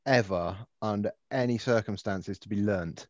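A man's voice: on the low side, normal speed, no echo. Man on a lo-fi podcast mic. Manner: dry, jokey, laughs often. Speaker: podcast co-host. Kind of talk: casual comedic chat. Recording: dull, muffled lo-fi sound.

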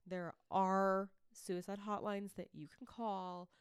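A woman with a Boston accent co-hosts a casual podcast, chatty and quick to laugh, turning earnest for serious moments. Her voice sits at a middle pitch. The recording is dry and close, with no room sound. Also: flat delivery, smooth, no echo. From Massachusetts. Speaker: podcast co-host. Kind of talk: casual chat.

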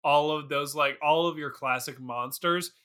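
A man's voice: on the high side, fairly even intonation, moderate pace, bright, forceful tone, clear, resonant tone. A man co-hosting a podcast, gushing enthusiastically about a movie and laughing often. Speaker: podcast co-host. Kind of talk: casual movie chat.

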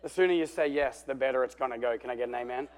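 A man preaching a sermon, telling the story with animation and swinging between loud and hushed while calling out for amens. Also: mid-range voice, rapid-fire. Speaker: pastor.

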